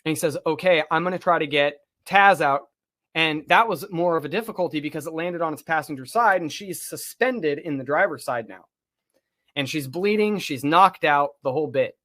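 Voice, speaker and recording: A man, a podcast co-host, telling a long personal story in casual talk, animated and swearing freely. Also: on the high side, brisk.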